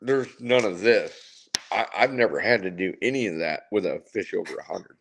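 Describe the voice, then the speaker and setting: Man, low voice, gravelly, excited casual chat, repeats himself. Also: normal speed, slight background noise. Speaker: fishing guide guest.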